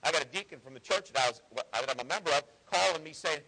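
A man's voice: a little high, fast talker, pushed and bright, slightly rough, poor audio. A man preaching a sermon in an earnest, conversational way with folksy asides. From Ohio.

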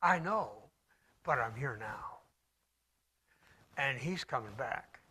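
Dramatic preacher swinging loud to hushed. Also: male voice, mid-range voice, animated, husky. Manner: reads scripture slowly and solemnly. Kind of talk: sermon with scripture reading.

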